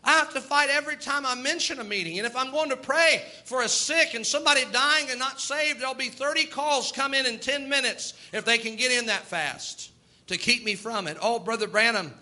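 A man's voice: very high voice, brisk, bright, forceful tone. A middle-aged man, preaching a sermon in an emphatic, rising and falling cadence.

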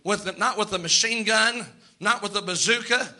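A man's voice: sits high, moderate pace, sharp tone. A male pastor preaching a sermon, repeating lines for emphasis and calling out amens.

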